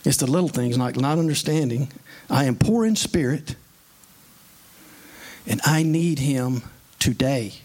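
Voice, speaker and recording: A man delivers a sermon from the pulpit. His voice sits at an ordinary middle pitch, and he talks in an earnest, conversational way. He moves easily between scripture and homely stories from his own life. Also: a little slow, darkish tone. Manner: earnest, conversational preaching with plain everyday stories. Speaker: preacher.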